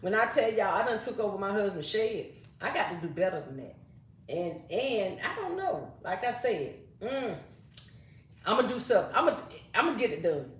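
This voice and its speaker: A woman's voice: medium pitch, very animated, normal speed. An older woman, hosting a casual live stream and chatting sassily with viewers, reading their comments aloud. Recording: roomy echo.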